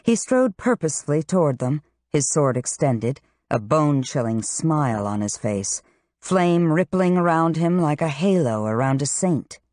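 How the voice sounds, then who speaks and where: A woman reading a fantasy novel aloud in steady, scripted narration. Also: deep voice, moderate pace, dry recording, clean studio sound. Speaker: audiobook narrator.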